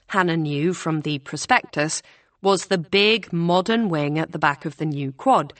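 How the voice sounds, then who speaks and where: A woman narrating an audiobook with a calm, even delivery. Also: on the low side, no room sound.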